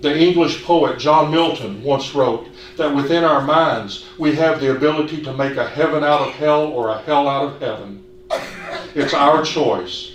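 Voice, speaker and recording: A man preaching a sermon in an earnest, measured way, asking the congregation questions. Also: fairly high pitch. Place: church hall. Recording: echoey hall, distant mic, faint hiss.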